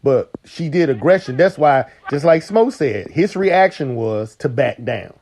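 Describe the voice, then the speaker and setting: A man's voice: medium pitch, a little slow. A man co-hosting a podcast, arguing his point in casual debate with frequent laughter. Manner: lively, laughs often, argumentative. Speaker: podcast co-host.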